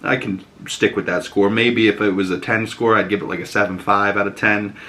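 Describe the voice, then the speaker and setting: A man's voice: on the low side, steady tone, brisk, sharp tone. A man, talking through a movie review in a chatty, enthusiastic vlog style, full of "you know" and casual swearing. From Boston. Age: 20s.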